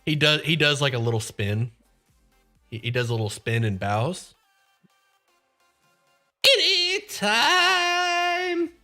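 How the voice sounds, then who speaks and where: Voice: mid-range voice, normal speed, a bit bright, faint music behind. A game master narrating a tabletop game in a chatty, giggly way.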